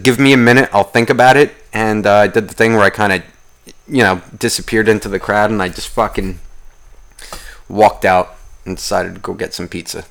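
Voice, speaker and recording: A young man hosting a podcast, telling a rambling everyday story in a profane, animated ranting way. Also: on the low side, creaky. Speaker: podcast host. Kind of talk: casual solo podcast rant.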